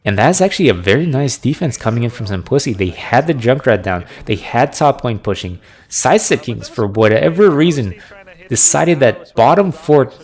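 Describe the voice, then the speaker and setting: A man casting a video game match with live play-by-play, analytical and getting excited on big plays. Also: medium pitch. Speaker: esports caster.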